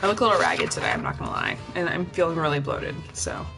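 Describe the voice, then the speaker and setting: A woman's voice: low-pitched, huge pitch swings, quick pace, vocal fry. A young woman chats loosely with her livestream viewers at home, rambling from one thought to the next. Her nose is stuffed up and her breathing is heavy. Faint music plays in the background. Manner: chatty, rambling, addresses chat directly. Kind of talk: casual livestream chat.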